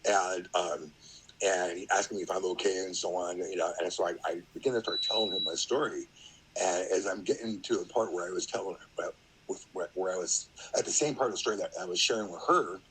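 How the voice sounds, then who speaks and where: A man's voice: low-pitched, a little fast, a bit bright, slight background noise, low-quality recording. A middle-aged man, a podcast guest, telling a story in a rambling, casual way, full of fillers and acted-out quotes.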